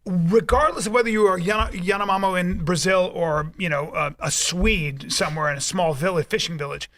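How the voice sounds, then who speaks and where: A man guesting on a podcast, telling stories in an animated, joking way in casual studio chat. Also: sits high, fairly quick. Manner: animated, joking, dramatic storytelling.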